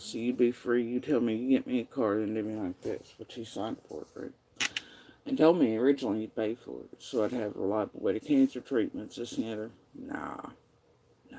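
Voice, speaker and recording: Male vlogger, dark mellow voice, angry profane rant over old messages. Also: medium pitch, gravelly, slight background noise, low-quality recording. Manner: bitter and profane, reading out messages.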